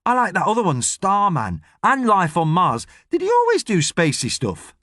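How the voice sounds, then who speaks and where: A man voicing an excitable, cranky young schoolboy who blurts out questions. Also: high voice, normal speed, no echo, studio quality, pitched above the performer's own voice, heavily acted. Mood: excited.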